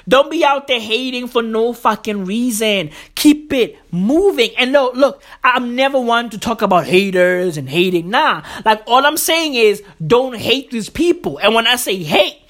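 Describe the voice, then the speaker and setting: A woman's voice: fairly high pitch, expressive, measured pace, a bit bright. A woman ranting comedically in loose, profane slang, full of fillers and restarts.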